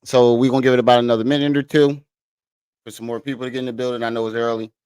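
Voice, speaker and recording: Man livestreaming from his living room, casual profane chat, dry close sound, mid pitch. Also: flat delivery, very fast, a little mellow, clear, resonant tone, no room sound. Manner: profane, laid-back, laughs at himself while reading comments. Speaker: livestream host.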